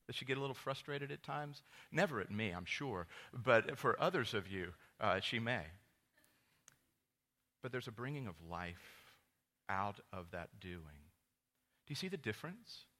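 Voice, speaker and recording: Male pastor, sermon, bright forceful tone, slightly low pitch, animated storytelling. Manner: storytelling with animated quoted voices, rising to loud high exclamations.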